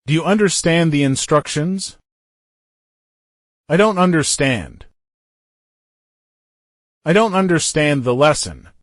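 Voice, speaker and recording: A man's voice: a little high, lively intonation, takes it slowly, long pauses, no room sound, studio quality. A man reading everyday English phrases for beginners, saying each short phrase and then repeating it inside a longer sentence. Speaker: English teacher. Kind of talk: reading example phrases for learners.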